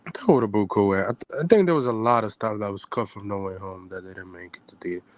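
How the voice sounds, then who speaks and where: A man's voice: lowish voice, fast. Enthusiastic man in casual chat. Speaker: podcast co-host.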